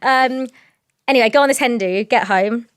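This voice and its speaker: Young girl rambling through a story, kinda high voice, dry close sound. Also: moderate pace, no echo. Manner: rambling, animated, lots of "like" and "basically". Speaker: podcast co-host. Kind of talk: casual storytelling chat.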